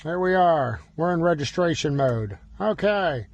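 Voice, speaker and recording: A man's voice: a little high, expressive, a little slow, muffled recording, a little hiss or hum. A man demonstrating car key programming from inside a vehicle, talking through each step with bursts of mock panic. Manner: exaggerated mock panic, fretful exclamations.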